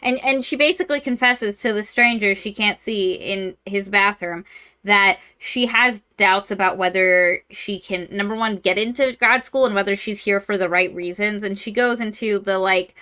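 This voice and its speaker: A woman's voice: medium pitch, bright, forceful tone, clear, resonant tone. A woman co-hosting a podcast, talking casually and wryly about a novel. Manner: wry, quick, joking. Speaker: podcast co-host. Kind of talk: casual book review chat.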